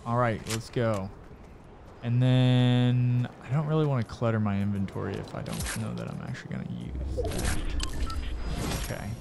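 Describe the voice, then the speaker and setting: A man hosting a gaming video, commentating his play, yelping and repeating words in fast bursts when in danger and chatting to himself and the viewer while looting. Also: mid-range voice, animated, creaky, very noisy. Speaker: gaming channel host. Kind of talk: excited gameplay commentary.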